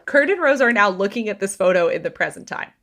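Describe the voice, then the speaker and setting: Casting: woman, thirties, podcast host in gossip storytelling mode, mid-pitched, animated as she acts out the people she quotes. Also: quick pace. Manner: animated retelling, acting out quotes.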